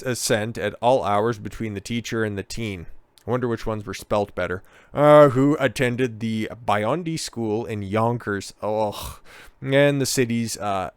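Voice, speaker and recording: A man reading news stories aloud and breaking in with mocking, sarcastic remarks, with loud bursts when he reacts. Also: lowish voice, dry recording, studio quality. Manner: mocking, sarcastic, talks over what he reads. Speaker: commentator.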